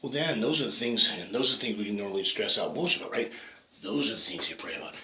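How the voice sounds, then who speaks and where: A man's voice: lowish voice, lively intonation, quick pace, sharp tone. A man vlogging in a casual, rambling way, swearing often and checking in with "right?". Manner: rambling, profane, keeps asking "right?". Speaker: fitness vlogger. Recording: echoey room with faint noise.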